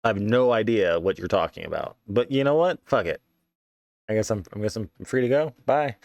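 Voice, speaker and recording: A man's voice: on the low side, brisk, a little mellow, no room sound. A man telling a story in a casual, rambling, profane way, often saying "you know what I mean". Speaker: podcast host.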